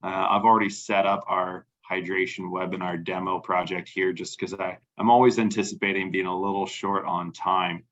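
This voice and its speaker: Man, low voice, webinar host, casual, dull lo-fi audio. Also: little pitch movement, normal speed, hardly any pauses, a bit bright. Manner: casual, filler-heavy. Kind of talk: webinar hosting and software demo.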